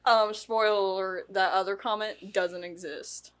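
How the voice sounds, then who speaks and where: A woman's voice: mid-range voice, steady tone, unhurried, a bit bright. A woman co-hosting a casual movie podcast, reading out reviews and laughing often. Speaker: podcast co-host.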